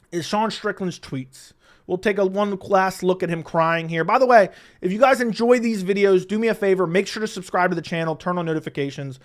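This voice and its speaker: A man's voice: high voice, fairly bright tone. A man hosting an online combat sports commentary channel, reading tweets aloud and mocking them in a heated, opinionated rant. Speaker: MMA commentary channel host.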